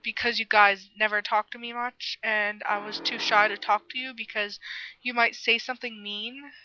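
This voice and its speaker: A woman voicing a bossy, sharp-tongued teenage girl in a read-aloud story. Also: a little high, level tone, normal speed, a little hiss or hum. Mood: shy, sad. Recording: muffled lo-fi with music behind.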